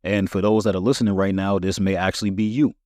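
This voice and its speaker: Man, podcast host, low voice, conversational, emphatic, dry close mic. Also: fairly even intonation, fast talker, darkish tone, dry recording. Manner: conversational, emphatic, addresses listeners directly. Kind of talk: solo podcast monologue.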